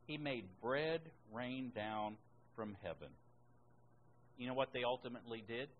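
Between points of his own, a man reads scripture in a sermon, unhurried and pausing often at a middle pitch. Key words get emphatic treatment as his voice climbs high and loud, then drops back, and the lo-fi recording has a faint hiss.

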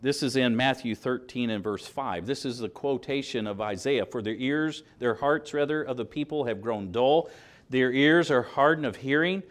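A man preaching, a pastor reading scripture aloud and explaining it with animated emphasis. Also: mid-range voice, normal speed.

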